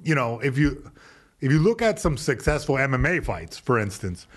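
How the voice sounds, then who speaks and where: A man on a podcast, talking loudly and emphatically with casual swearing as he breaks down fights. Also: mid-range voice, sing-song, normal speed. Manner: loud, emphatic, profane. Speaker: podcast guest, former fighter. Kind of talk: casual chat.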